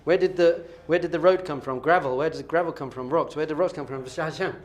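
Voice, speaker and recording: A man leads a class as a rabbi, his voice pitched somewhat high for a man. He teaches in an animated, playful way and keeps quizzing his students. He sounds middle-aged. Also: fast.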